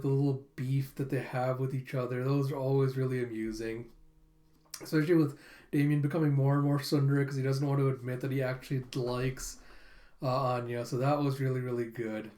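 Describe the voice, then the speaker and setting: A man's voice: mid-range voice, fairly even intonation, brisk, dark tone. Chatty male streamer, rambling casual manga recap, lots of fillers.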